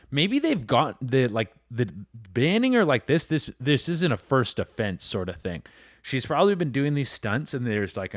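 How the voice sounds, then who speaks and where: A man's voice: medium pitch, no room sound. A man hosting a comedy podcast, rambling through a profane, casual monologue full of restarts and fillers.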